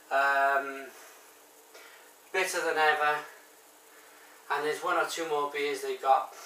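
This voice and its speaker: A man's voice: on the high side, sharp tone, recorded from a distance. A man with a Barry Welsh accent, reviewing a bottled beer in a chatty, rambling way full of ums and restarts. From Wales. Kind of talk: casual review to camera. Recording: echoey room, voice off-mic.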